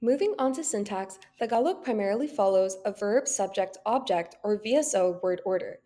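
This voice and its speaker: A young woman giving a class presentation in a steady, read-aloud manner. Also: medium pitch, a little fast. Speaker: student presenter.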